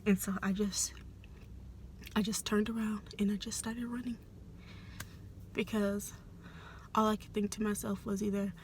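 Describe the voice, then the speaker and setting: A young adult woman telling a personal story in a soft, hesitant, often half-whispered way, with many fillers. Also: medium pitch, flat delivery, measured pace, pauses often, a little hiss or hum. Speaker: vlogger.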